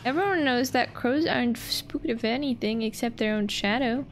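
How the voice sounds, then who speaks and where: A woman's voice: fairly high pitch, moderate pace, slight background noise. A young woman streaming a game, chatting with viewers in a playful, sweary, giggly way. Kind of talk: casual gameplay commentary.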